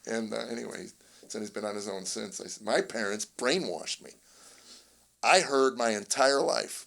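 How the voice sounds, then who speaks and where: A man's voice: fairly low pitch, normal speed, creaky. An older man, a comedian guest in an interview, telling family stories and acting out the dialogue. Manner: animated storyteller, acts out family dialogue. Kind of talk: casual storytelling interview.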